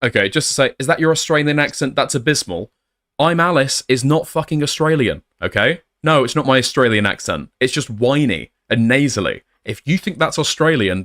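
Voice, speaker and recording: A man's voice: mid-range voice, expressive, fairly quick, few pauses, fairly bright tone. Sarcastic male commentator, blunt, reads messages aloud.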